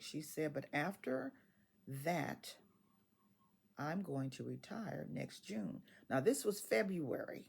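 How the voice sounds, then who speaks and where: A woman in her sixties, a retiree telling a story casually, animated and quoting others in dialogue, often laughing as she talks. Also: fairly low pitch, slow pace, creaky, breathy edge.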